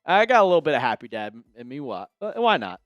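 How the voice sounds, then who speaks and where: Male livestream host, smooth high voice in a dry room, jokey chat with viewers. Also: very animated, fast, fairly bright tone, dry recording, lo-fi sound, soft background music. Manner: jokey, chatty, addresses viewers by name.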